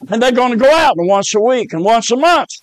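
A male preacher, telling a story in a sermon and swinging between hushed low lines and loud, fervent ones. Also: animated, a little fast, no echo.

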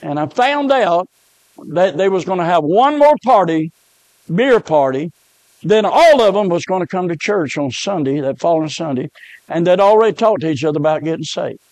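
Preacher telling stories from the pulpit. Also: male voice, sits high, animated, normal speed, darkish tone, no room sound. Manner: emotional storytelling preacher. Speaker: pastor. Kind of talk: sermon.

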